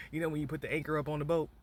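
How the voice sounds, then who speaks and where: A man's voice: fairly high pitch, steady tone, rapid-fire, darkish tone. A man from Michigan rambling and cracking puns in a casual monologue, often asking "you hear me?" and talking from a moving car. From Battle Creek, Michigan. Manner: punning, joking, keeps asking "you hear me?", bursts of laughter. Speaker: vlogger.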